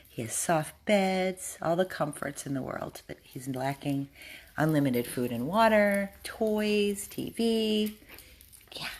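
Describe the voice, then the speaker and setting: Woman, dog rescue worker, unhurried low-pitched chat, high baby-talk to the dog. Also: animated. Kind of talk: casual talk to camera while playing with a dog. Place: indoor rescue room.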